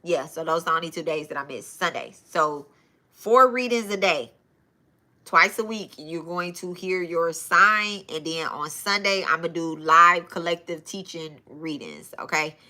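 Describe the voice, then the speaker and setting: Chatty woman hosting a live stream, low but bright voice. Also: expressive, a little slow. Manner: chatty, loose and informal, addresses viewers as y'all. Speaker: spiritual reader and live-stream host. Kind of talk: casual live-stream chat.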